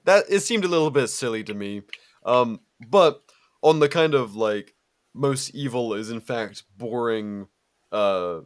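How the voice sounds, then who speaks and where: A man's voice: mid-range voice, expressive, measured pace. Laid-back swearing man chatting. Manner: laid-back, swears a lot, frequent fillers and laughs. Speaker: podcast co-host. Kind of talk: casual chat.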